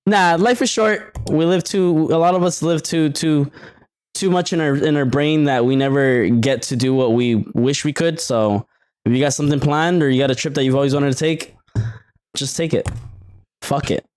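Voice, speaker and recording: A man's voice: a little high, steady tone, moderate pace, darkish tone, smooth. A man co-hosting a podcast in casual chat, easygoing and swearing casually as he gives advice. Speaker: podcast co-host.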